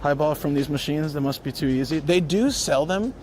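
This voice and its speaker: A brisk man with a fairly high, slightly mellow voice chats loosely with viewers on a travel live stream. He walks city streets before settling in a parked car. Music runs under his speech, and there's slight background noise.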